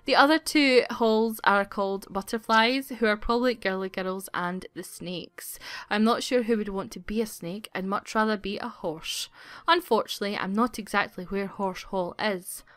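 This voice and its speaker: A woman's voice: mid-range voice, normal speed, a bit bright, no room sound. A young woman reading a life simulation game aloud, breaking off for playful, sarcastic asides. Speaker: gaming YouTuber.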